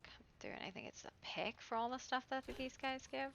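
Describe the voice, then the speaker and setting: A woman's voice: sits high, fairly quick, gravelly, a bit bright, a little hiss or hum. A woman streaming from home in casual, chatty talk, swearing freely and baby-talking to her dogs, heard over a dull lo-fi recording with faint music. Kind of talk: casual chat.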